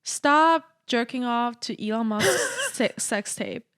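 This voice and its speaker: A woman in her mid-twenties co-hosting a casual podcast in a valley-girl drawl. She speaks very slowly, a bit high, and sounds close and dry. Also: big pitch swings, fairly bright tone, smooth, no room sound. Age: mid-20s. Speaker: podcast co-host. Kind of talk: casual chat.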